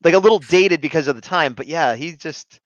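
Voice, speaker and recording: A man's voice: a little high, fairly quick, no echo. A man co-hosting a casual review chat, easygoing and laughing often. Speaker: podcast co-host. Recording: slightly muffled lo-fi mic.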